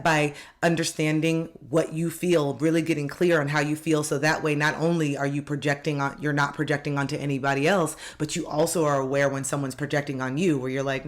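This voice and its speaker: A woman's voice: deep voice, steady tone, brisk. A woman life coach giving an earnest, direct motivational self-help talk, repeating key phrases for emphasis.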